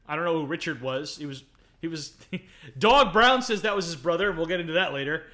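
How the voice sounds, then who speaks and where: A man co-hosting a laid-back movie podcast, his bright voice swinging up and down as he jokes and laughs through his points. He sits a touch higher than most men in pitch and keeps the energy up. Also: a little fast. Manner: animated, laughs often, jokey asides. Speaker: podcast co-host. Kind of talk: casual film review chat.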